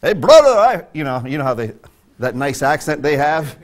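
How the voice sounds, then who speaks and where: A man's voice: expressive, normal speed. A man preaching a sermon from a church pulpit, emphatic and conversational. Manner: emphatic, conversational preaching with sudden pitch jumps. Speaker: pastor. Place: church sanctuary.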